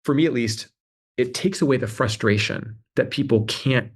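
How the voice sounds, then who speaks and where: A man talking in a relaxed interview, animated and chatty, often leaning on "like" and restarting his sentences. His voice sits at an everyday pitch for a man, and he slips into lively impressions of other people as he tells his stories. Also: moderate pace, husky. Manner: animated storytelling, acting out quoted voices; fillers like "like" and restarts. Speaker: interview guest, adtech CEO. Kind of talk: casual interview talk.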